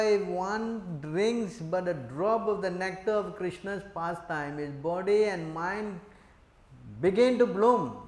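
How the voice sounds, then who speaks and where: Preacher, male, fairly high voice, quizzes his listeners, echoey room. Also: darkish tone. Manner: asks the audience questions, laughs, acts out quotes. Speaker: preacher giving a scripture class. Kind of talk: sermon.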